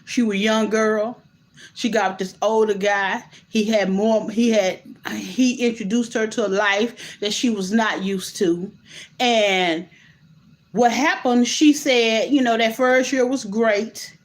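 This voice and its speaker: A woman hosting a casual commentary vlog, talking straight to her viewers in an animated, incredulous way, full of restarts and asides. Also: a little high, slow pace. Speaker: host.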